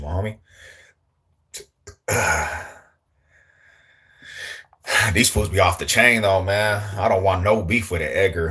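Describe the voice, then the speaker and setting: Deep-voiced slangy young man chatting. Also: fairly bright tone. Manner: slangy, joking, greets chat viewers. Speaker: livestream host. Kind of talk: casual livestream chat.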